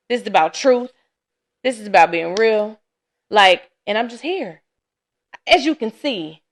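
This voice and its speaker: A woman hosting a casual solo podcast, chatty and candid, sounding tired and laughing often. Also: mid-range voice. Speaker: podcast host. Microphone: camera.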